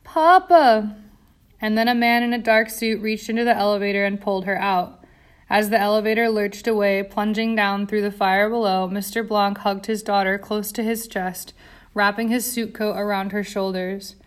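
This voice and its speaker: Woman audiobook reader, mid pitch, tense dramatic narration. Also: level tone, normal speed.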